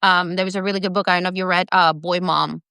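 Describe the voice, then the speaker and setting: A woman's voice: on the low side, steady tone, fast, vocal fry, sharp tone, smooth, no echo, clean studio sound. A woman hosting an interview in a chatty way, with lots of fillers. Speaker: host. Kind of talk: conversational interview.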